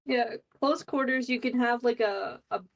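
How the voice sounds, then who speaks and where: A woman's voice: on the high side, normal speed. A woman playing a tabletop game, chatting in a playful, teasing way. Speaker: player. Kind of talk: casual chat at a game table.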